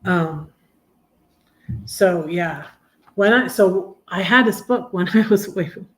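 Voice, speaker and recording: A woman hosts a relaxed live stream, chatting and reading her own poems aloud. She is soft-spoken and often sinks into a quiet murmur. Her sentences halt and restart as she thinks aloud. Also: on the low side. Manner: halting, with frequent restarts and trailing off. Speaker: poet and blogger hosting a live stream. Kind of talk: casual live chat and poetry reading.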